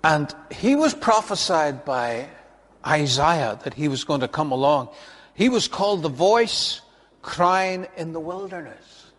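A man's voice: a little high, big pitch swings, unhurried, a bit bright, in a large hall. A male preacher giving a sermon to a congregation, chatty, with joking asides and chuckles. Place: church hall before a congregation.

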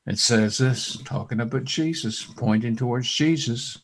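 Male preacher, husky and unhurried, dramatic swings from loud to hushed. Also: medium pitch. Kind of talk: sermon.

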